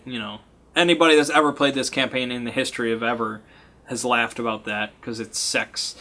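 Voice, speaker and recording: In a pushed, bright, medium-pitched voice, a game master gives a chatty, casual rundown of a tabletop game session. He laughs often and acts out both the sound effects and the lines.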